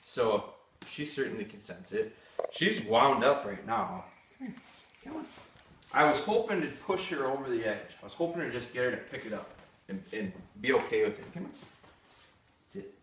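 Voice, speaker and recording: A man's voice: medium pitch, big pitch swings, moderate pace, a bit bright. Man giving dog commands, distant and roomy. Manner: short firm commands to a dog between explanations. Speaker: dog trainer. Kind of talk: live training demonstration. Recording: distant mic, roomy echo, faint noise.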